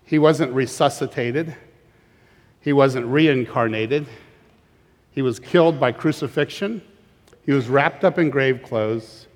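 A man's voice: mid-range voice, slow, long pauses. Man preaching in a reverberant hall. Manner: emphatic, repeats words when starting phrases. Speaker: pastor. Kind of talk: sermon.

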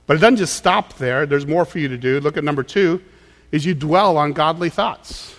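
A man's voice: a little high, moderate pace. A man preaching a sermon as pastor, conversational, acting out quoted voices. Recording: long hall reverb.

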